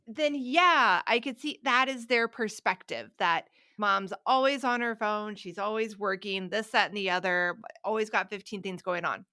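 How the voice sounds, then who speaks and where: A middle-aged woman co-hosting a parenting podcast in casual chat, loud and impassioned, drifting into quick tangents. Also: medium pitch. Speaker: podcast co-host.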